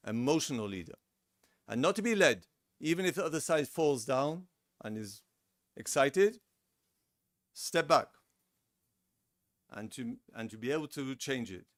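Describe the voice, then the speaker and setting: A man's voice: mid-range voice, dry recording, clean studio sound. A middle-aged man lecturing a seminar in a conversational way, acting out example lines and repeating his words. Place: lecture room.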